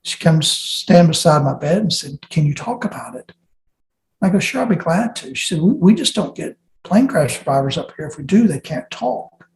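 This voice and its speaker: In a room with noticeable echo, a man who survived a plane crash speaks as an interview guest at normal speed. His voice sits on the high side with a darkish tone, animated as he earnestly recounts his testimony, often starting sentences over.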